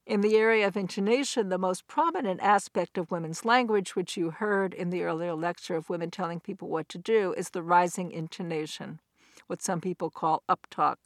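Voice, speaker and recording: A middle-aged woman giving a recorded academic lecture, explaining points step by step in a measured, clear way. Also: fairly low pitch, no room sound, clean studio sound. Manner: measured, explanatory, with quoted examples.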